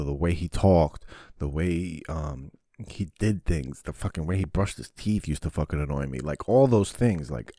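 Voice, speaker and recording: A man's voice: deep voice, warm tone, dry recording, clean studio sound. A man hosting his own podcast, talking in a profane, rambling, sarcastic solo monologue. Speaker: podcast host.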